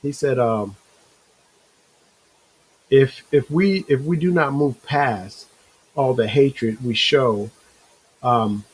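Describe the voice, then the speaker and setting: A man hosting a casual motivational talk show, rambling and animated, acting out inner voices, with a slight cough. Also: mid-range voice, slow, long pauses, slightly rough, rough recording. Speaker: show host.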